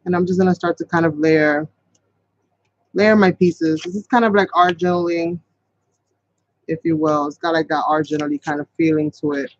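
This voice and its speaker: A chatty man with a fairly high voice leads a casual live craft tutorial, rambling along as he works. The sound is dull and lo-fi, and the voice comes through dry and close with little room around it. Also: fairly even intonation, normal speed, long pauses, no room sound. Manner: chatty, rambling, talks to viewers as "you guys". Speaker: craft channel host.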